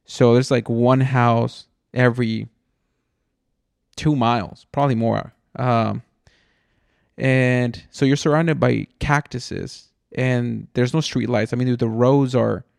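A man's voice: mid-range voice, steady tone, takes it slowly, vocal fry, darkish tone, no room sound, clean studio sound. A man from Mexico, a podcast host, telling a rambling story in casual chat, swearing and saying "dude" a lot. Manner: rambling and profane, says "dude" often.

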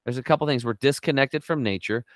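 A middle-aged man talks with restless energy, swinging up high whenever he acts out what someone said. His voice is smooth and resonant, captured dry and close with no room sound. He sounds like an eager guest telling his story in an interview. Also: fast, no echo. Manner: animated storyteller, acts out quotes with big pitch jumps. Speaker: guest on a health talk show.

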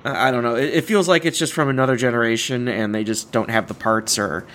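A young man hosts a casual chat podcast. He rambles, corrects himself mid-sentence and laughs often at his own stories. His voice sits at a middling pitch. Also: fast talker, a bit bright. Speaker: podcast host.

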